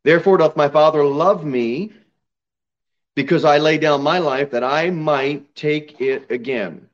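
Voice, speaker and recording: A man preaching a sermon in a church, reading scripture aloud and building to emphatic, loud, high peaks. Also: measured pace. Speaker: pastor. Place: church sanctuary. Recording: slightly dull church recording.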